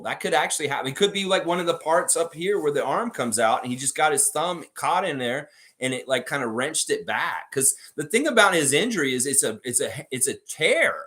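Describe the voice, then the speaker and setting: A man hosting a fan show, telling stories and chatting with viewers in a casual, profane way. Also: fairly high pitch. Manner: animated, profane storytelling. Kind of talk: casual livestream chat with viewers.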